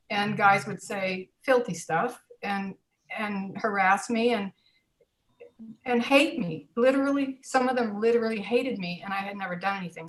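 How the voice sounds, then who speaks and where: Older woman telling lively stories. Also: medium pitch, poor audio. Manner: animated, acts out dialogue in quotes. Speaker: interview guest, former teacher. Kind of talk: personal storytelling.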